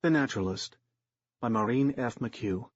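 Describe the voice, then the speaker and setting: A man narrates an audiobook in a plain, matter-of-fact way, his tone husky and breathy. The sound is dull and lo-fi, dry and close to the mic. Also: medium pitch, normal speed, dry recording. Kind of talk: third-person audiobook narration.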